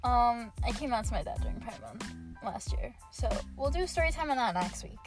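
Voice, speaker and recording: A woman's voice: on the high side, lively intonation, a little fast, music in the background. A young woman hosting her own podcast, chatting casually and ranting, cursing freely and saying "like" in nearly every phrase. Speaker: podcast host. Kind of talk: casual solo podcast rant.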